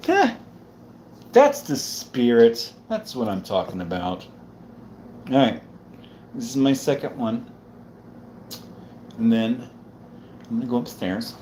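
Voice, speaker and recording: Man, casual livestream host, tipsy, rambling banter, many fillers, mid-pitched voice, faint background noise. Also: big pitch swings, slow pace, pauses often, mellow. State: a bit drunk.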